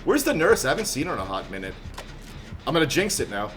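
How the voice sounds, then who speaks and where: A man streaming a horror game live, chatting with viewers and teammates, quick to laugh and yelp in surprise. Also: a little high, big pitch swings, music in the background. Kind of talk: live gameplay commentary.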